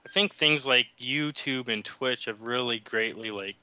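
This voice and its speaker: Bright, chatty man co-hosting a podcast. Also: mid-range voice, measured pace, clean tone, rough recording. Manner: chatty, easygoing, laughs along. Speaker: podcast co-host. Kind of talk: casual podcast chat.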